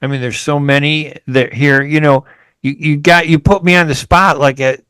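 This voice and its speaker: A man's voice: a little high, steady tone, moderate pace, a bit bright, clean tone, dry recording. A man hosting a radio interview, chatty and rambling, often restarting his sentences. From United States. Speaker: radio host. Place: radio studio.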